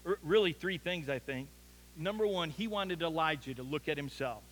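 A man's voice: a little high, expressive, normal speed, a bit bright, rough recording. A man preaching an earnest sermon as a pastor, building to emphatic peaks.

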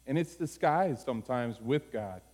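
A man preaching a sermon, moving from low, quiet phrases to high, urgent pleading. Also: lively intonation, moderate pace. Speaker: pastor. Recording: long hall reverb.

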